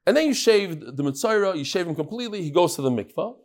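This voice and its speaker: A man teaching a live Talmud class, lively and chatty, teasing his audience. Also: high voice, fast.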